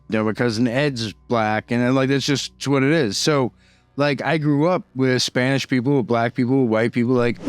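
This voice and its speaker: A YouTuber from Boston casually tells a prison story, rambling loosely and peppering his sentences with "like" and "you know." His smooth, clear voice is at an ordinary pitch. The recording is close and dry with no echo, and faint music plays underneath.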